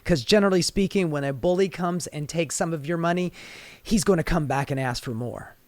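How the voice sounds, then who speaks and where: A man's voice: on the high side, a little fast, darkish tone, no room sound. A man giving sarcastic, profane political commentary. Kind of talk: commentary video.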